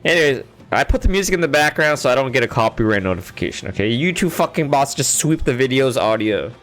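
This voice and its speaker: A man's voice: medium pitch, lively intonation, fast, fairly bright tone. A man streaming a game, chatting casually and thinking aloud in a laid-back, rambling way. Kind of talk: casual chat while gaming.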